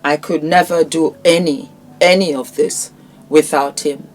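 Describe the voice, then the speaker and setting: A woman's voice: deep voice, steady tone, a little slow, soft background music. A woman with a Nigerian accent presenting products in a chatty vlog, effusive and fond of calling viewers "my darling".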